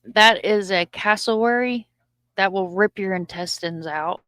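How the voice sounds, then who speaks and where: A woman's voice: mid-range voice, measured pace, a bit bright, clean tone, no echo, studio quality. A middle-aged woman, hosting a casual live stream, reading comments aloud in a chatty, loose and profane way. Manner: chatty, loose and profane, stumbles over words.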